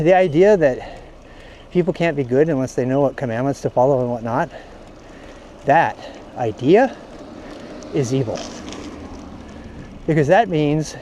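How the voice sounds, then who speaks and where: A man with a high, mellow voice rants bluntly and profanely in a casual monologue. He talks while riding outdoors on a camera mic. Faint street noise sits behind him. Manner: blunt and profane, heated ranting. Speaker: cycling vlogger.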